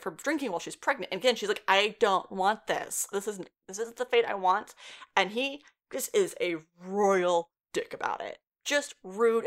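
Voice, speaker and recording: A woman in her twenties recaps a show's plot in a casual, chatty way, swearing freely and laughing a lot. Her voice is fairly low in pitch with a fairly bright tone.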